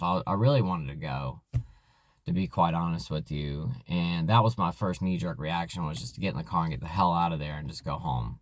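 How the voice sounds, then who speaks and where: A man telling a personal story in a vlog, halting and earnest, with many fillers and restarts. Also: sits low, no room sound. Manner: candid, emotional retelling. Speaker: vlogger in alcohol recovery.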